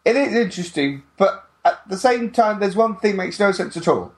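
A man's voice: high voice, animated, normal speed. A man co-hosting a casual wrestling chat, blunt and mocking, who swears now and then. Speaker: podcast co-host.

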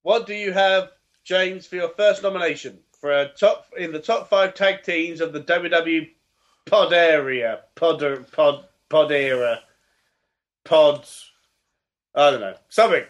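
A man with a fairly high voice co-hosting a casual podcast. He makes wordplay jokes and stumbles through restarts. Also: a little slow, lo-fi sound. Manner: jokey, punning, stumbles over words. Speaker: podcast co-host. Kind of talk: casual chat.

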